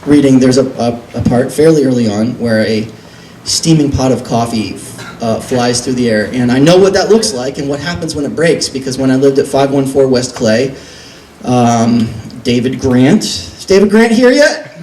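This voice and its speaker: A man telling a comic story from his own life at a live reading, animated, self-deprecating and freely profane. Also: medium pitch, moderate pace, a little hiss or hum. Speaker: author reading from his book. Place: record store reading event. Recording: roomy echo, distant mic.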